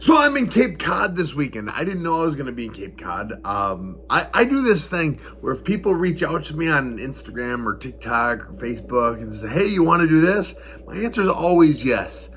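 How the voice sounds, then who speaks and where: A man's voice: medium pitch, big pitch swings, moderate pace, bright, forceful tone, a little hiss or hum. A man vlogging in a casual, rambling way, telling a story, chuckling often and repeating himself as he goes. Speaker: fighter vlogger. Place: on the road for a fight in the northeastern US.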